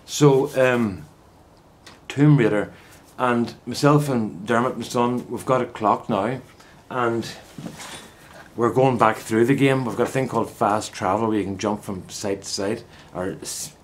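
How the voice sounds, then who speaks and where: An older man works his vegetable plot outdoors and chats to camera as a gardening vlogger, wandering from thought to thought in a chummy way, restarting often and adding asides. He speaks unhurriedly at a medium pitch, with slight background noise.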